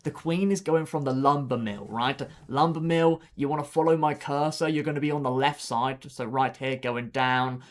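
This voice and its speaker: A man's voice: medium pitch, normal speed, few pauses. A man streaming a game live, rambling and exasperated as he gives teammates step-by-step directions, sounding tired. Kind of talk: live gameplay commentary.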